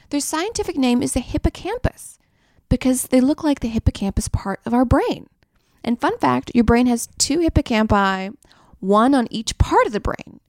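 A woman's voice: fairly high pitch, darkish tone, dry recording, studio quality. A young woman co-hosting a podcast, rambling through crude, joking stories in a casual chat. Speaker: podcast co-host. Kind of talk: casual comedic monologue.

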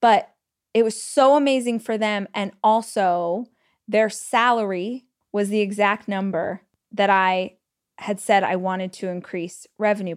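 A woman hosting a solo podcast, telling personal stories in a chatty, animated way full of "like" fillers and quoted thoughts. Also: mid-range voice, clear, resonant tone. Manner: retells stories with quoted inner speech. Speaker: podcast host. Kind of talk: casual solo podcast storytelling.

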